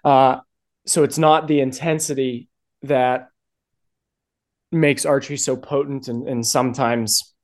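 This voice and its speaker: A man speaking as a podcast guest, talking through his ideas step by step. He has an average pitch and an earnest, explanatory manner, and he often restarts phrases while he thinks. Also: level tone, unhurried, long pauses. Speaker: guest archery strength coach. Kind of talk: podcast conversation.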